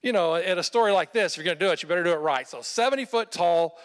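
Animated male preacher in a reverberant hall. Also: sits high, fast talker. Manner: animated storytelling with rhetorical questions. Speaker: pastor. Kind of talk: sermon retelling a Bible story.

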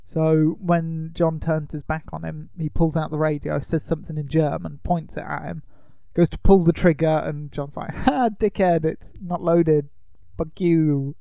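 A man's voice: a little high, little pitch movement, normal speed, gravelly, mellow, no room sound. A man co-hosting a podcast, retelling a film's plot in casual chat with jokes and laughs. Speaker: podcast co-host.

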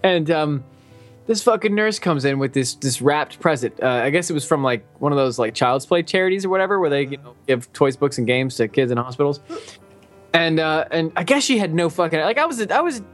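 Young male co-host, expressive swings in pitch, swears constantly, faint music under him. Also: brisk. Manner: profane, rambling storyteller, laughs often. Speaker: podcast co-host. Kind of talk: casual chat.

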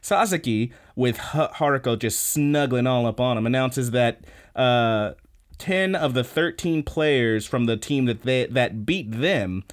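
A man's voice: medium pitch, animated, unhurried. A man hosting a podcast, recapping an episode in a casual, rambling way with lots of fillers and restarts. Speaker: podcast host.

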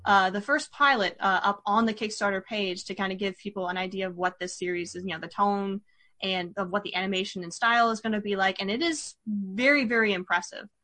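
A woman's voice: medium pitch, fairly quick, bright, forceful tone. A woman hosting a podcast in casual chat, rambling with lots of fillers and restarts. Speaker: podcast host.

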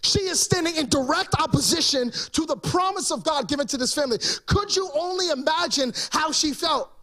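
A man's voice: very high voice, brisk, few pauses, bright, forceful tone. A male pastor preaching an emphatic sermon and throwing rhetorical questions to the congregation.

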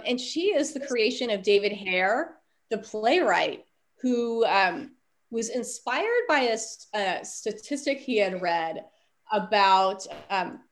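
A woman co-hosting a podcast, giving a measured film summary with some fillers. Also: mid-range voice, fairly bright tone. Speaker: podcast co-host.

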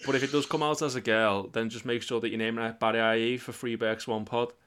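A man's voice: mid-range voice, steady tone, quick pace, fairly bright tone, clean tone. A man hosting a podcast, teasing his friends and joking in casual chat. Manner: jokey, teasing. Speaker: podcast host.

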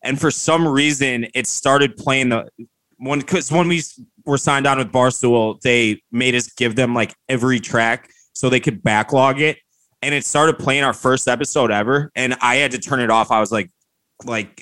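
A man's voice: mid-range voice, moderate pace, bright, forceful tone, no echo, low-quality recording. Rambling, profane man telling a story. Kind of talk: casual chat.

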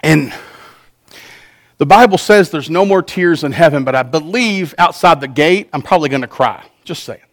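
A man preaching a sermon as pastor, earnest, swinging between soft passages and loud ones. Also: fairly high pitch, lively intonation, moderate pace.

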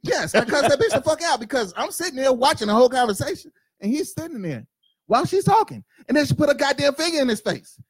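A man's voice: very high-pitched, lively intonation, quick pace, no room sound. A young adult man in heated casual podcast chat, cursing emphatically and talking over the others. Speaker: podcast co-host.

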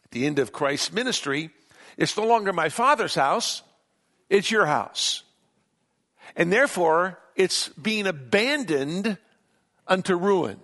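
A man with a somewhat higher voice preaches to his congregation. He reads scripture aloud and leans hard on key words, slowing down to stress them. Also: expressive, fairly bright tone. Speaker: pastor. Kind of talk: sermon.

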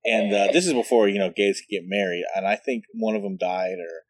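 A man's voice: lowish voice, lively intonation, brisk, vocal fry, breathy edge, no echo. A man telling rambling, profane family stories in casual chat, laughing at his own jokes.

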